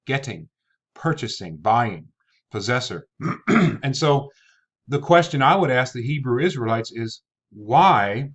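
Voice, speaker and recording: A man's voice: mid-range voice, animated, measured pace, a bit bright. Man, Bible lecture, methodical, rhetorical questions, dull lo-fi recording. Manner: methodical, rhetorical questions, reads scripture aloud. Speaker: Bible teacher. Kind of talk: online video lecture.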